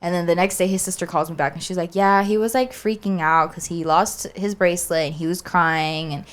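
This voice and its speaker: A young woman co-hosting a podcast, telling a story in a chatty, animated way with lots of fillers. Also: lowish voice, fairly quick. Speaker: podcast co-host. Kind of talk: casual storytelling chat.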